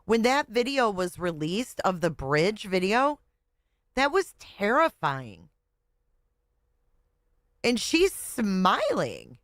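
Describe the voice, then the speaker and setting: A woman's voice: medium pitch, big pitch swings, slow, no room sound, clean studio sound. A woman reacting to a clip with blunt, sarcastic commentary and frequent swearing. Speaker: reaction video host. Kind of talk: snarky commentary.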